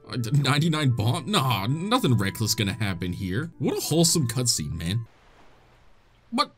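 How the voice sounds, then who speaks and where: A man giving excitable, jokey commentary while playing a video game, laughing often. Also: mid-range voice, normal speed, breathy edge, soft background music. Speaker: gaming video host. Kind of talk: let's play commentary.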